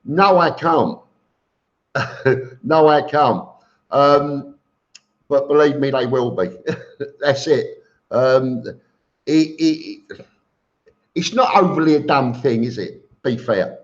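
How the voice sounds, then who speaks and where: Slow-talking man on a lo-fi stream. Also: medium pitch. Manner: reads viewer comments aloud and answers them with chuckles. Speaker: live stream host. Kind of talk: casual live stream chat. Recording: dull lo-fi stream audio.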